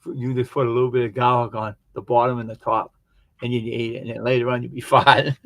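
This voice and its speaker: A man's voice: mid-range voice, little pitch movement, quick pace, fairly bright tone, dry recording. A man rambling through funny stories in casual chat, acting out the other people's lines as he tells them. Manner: rambling joke-telling, acts out quoted voices. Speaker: live stream host.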